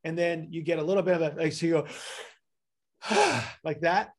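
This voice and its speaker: A man's voice: fairly high pitch, little pitch movement, racing. A man talking casually, patiently explaining breathing patterns and acting out sighs to show them. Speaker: breathing expert. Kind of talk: casual advice conversation.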